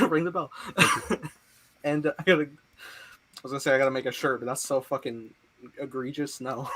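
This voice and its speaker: Young male podcast host, bright voice, excitable and laughing, swears freely. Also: mid-range voice, moderate pace, pauses often, slightly rough. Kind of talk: casual chat.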